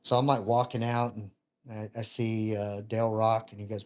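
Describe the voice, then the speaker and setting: A man in his fifties, a retired Navy chief and podcast guest, telling casual stories with animated, self-mocking humor and acting out other people's lines. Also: on the low side, fairly quick. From United States. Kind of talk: casual storytelling.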